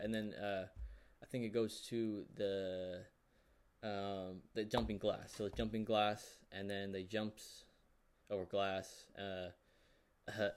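Rambling low-voiced man, full of fillers. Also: clean tone. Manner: rambling, heavy fillers, excitable reactions. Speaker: YouTuber. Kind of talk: casual rambling show recap.

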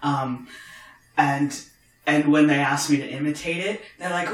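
A man's voice: on the high side, fairly even intonation, normal speed. A man with a posh London accent and northern tweaks, chatting wryly as a podcast co-host at home. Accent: posh London English with northern tweaks. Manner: chatty, wry and joking. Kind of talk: casual chat over wine. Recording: roomy echo.

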